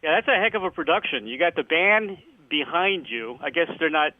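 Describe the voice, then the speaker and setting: A man's voice: on the high side, expressive, fairly quick, dry recording. A man interviewing a guest in a chatty, enthusiastic way, often stumbling and restarting his sentences. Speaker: radio interviewer. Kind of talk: phone interview. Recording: dry tinny phone line.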